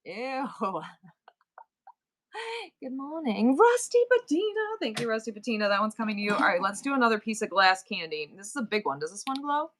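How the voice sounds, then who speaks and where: A woman's voice: mid-range voice, animated, fairly quick, a bit bright. A middle-aged woman with a New York accent, hosting a live selling stream and chatting playfully with her viewers. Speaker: livestream seller.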